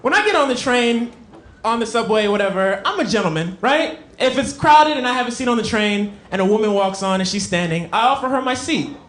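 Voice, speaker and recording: A young adult man doing a stand-up set on a comedy club stage, telling stories in an animated way and breaking into emphatic shouts. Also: very high voice, a little fast, slight background noise. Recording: echoey club with crowd laughter.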